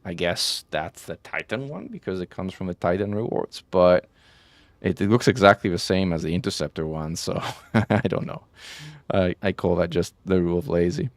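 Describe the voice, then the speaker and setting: Talking to his live-stream audience, this game streamer wanders between thoughts, often fixing what he just said and leaning on "um" and "like." His voice is deep and his pace normal, captured dry.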